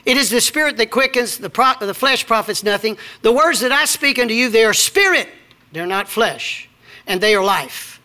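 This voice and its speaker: A man's voice: extremely high pitch, expressive, normal speed, pushed and bright. A middle-aged man, preaching a sermon with scripture readings and personal stories. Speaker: pastor.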